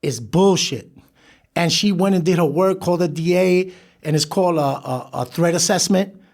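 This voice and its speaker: A man as a podcast guest, telling his life story in an animated way, laughing and acting out the people he quotes. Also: high voice, normal speed, gravelly. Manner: animated, laughs through stories, acts out quoted voices. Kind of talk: storytelling interview.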